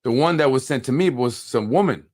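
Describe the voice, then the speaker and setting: A man from New York hosts a live call-in politics show and recounts a run-in at length. He tells it with lively energy, acting out other people's lines and stumbling over repeated words when he gets heated. His voice sits at an ordinary middle pitch. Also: a little fast. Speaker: host of a local politics show.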